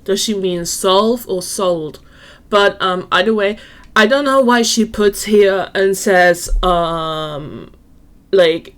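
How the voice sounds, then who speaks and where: A woman's voice: mid-range voice, takes it slowly. Sarcastic woman reacting to a clip. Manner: sarcastic, skeptical. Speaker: reaction commentator. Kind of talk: reaction commentary.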